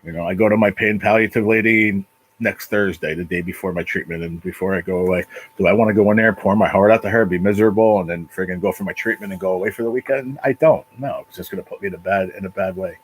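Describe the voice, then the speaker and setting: A man hosting his own livestream from his apartment, talking casually and emotionally in a halting, repetitive way with a lot of swearing. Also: low voice, slight background noise, low-quality recording. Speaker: livestream channel host. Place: apartment at home.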